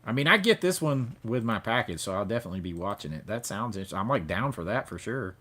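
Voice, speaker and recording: A man's voice: lowish voice, big pitch swings, fast, bright, forceful tone. A man hosting a casual livestream chat about movie releases, talking loosely and reading blurbs aloud. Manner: chatty, reads blurbs aloud in a mock news-anchor voice. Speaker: host.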